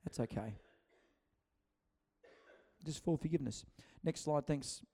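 Male preacher, chatty and animated, a little higher-pitched than most men. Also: slow pace. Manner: chatty, acts out quotes, many restarts. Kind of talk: conversational sermon.

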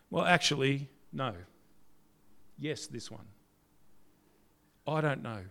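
A man preaching a conversational sermon, leaning on rhetorical questions and swinging between loud and soft. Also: medium pitch, very slow, vocal fry.

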